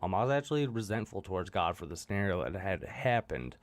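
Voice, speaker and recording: A man's voice: deep voice, expressive, quick pace, dry recording. A young man telling his recovery story bluntly, swearing often and laughing at himself. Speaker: guest sharing recovery story. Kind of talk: candid storytelling.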